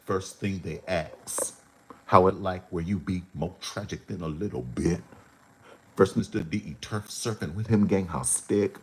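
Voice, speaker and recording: A man hosting his own livestream, rambling to his chat in a slow, drawn-out way with sudden animated jumps. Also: deep voice, slight background noise. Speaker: rapper hosting a livestream show.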